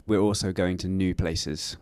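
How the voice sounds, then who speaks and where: A band member giving casual interview answers, hesitant and searching for words with frequent fillers. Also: male voice, low voice, fairly even intonation, a little slow, darkish tone, clean tone, no echo.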